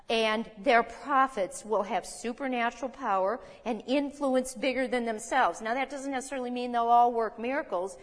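Brief: older female Bible teacher, folksy and chuckling, fairly high voice, long reverb of a hall. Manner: folksy, chuckling asides and rhetorical questions.

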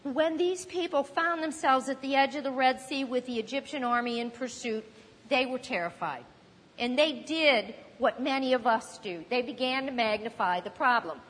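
A woman's voice: high voice, normal speed, a bit bright. A woman preaching a sermon in a conversational teaching manner, now and then acting out panicked voices. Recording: long hall reverb.

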